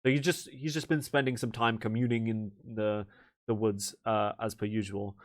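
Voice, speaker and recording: A man's voice: on the low side, fairly even intonation, normal speed. A man narrating a tabletop game as game master, in a casual manner with many fillers.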